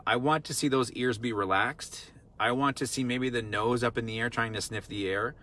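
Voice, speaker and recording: Man, dog trainer, casual teaching, earnest, repetitive, bright forceful tone. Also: mid-range voice. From Vermont. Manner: earnest, repetitive, rhetorical questions. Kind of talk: casual teaching talk, answering viewer questions.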